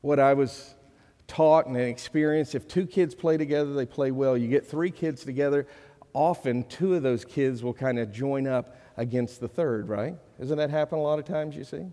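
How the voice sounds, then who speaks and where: A pastor delivers a sermon in a church sanctuary, his mellow mid-range voice moving at a moderate pace. He preaches earnestly and conversationally with rising emphasis, and the hall adds long reverb.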